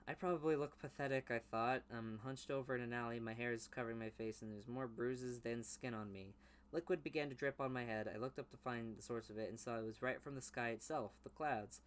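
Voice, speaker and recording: A young man reading his old teenage story aloud in a low mumble, then breaking off into loud, mocking commentary. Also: fairly even intonation, fairly quick. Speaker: YouTuber reading his childhood writing.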